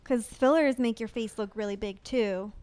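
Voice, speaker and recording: A woman's voice: on the high side, moderate pace, a crowd in the background. A woman co-hosting a podcast in casual chat, hedging her points with lots of filler words. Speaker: podcast co-host.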